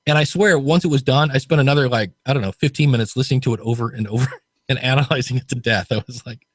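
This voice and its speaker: A man's voice: mid-range voice, fast talker, dry recording. A man hosting a podcast, chatting casually and animatedly, laughing easily at himself. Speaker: podcast coach host.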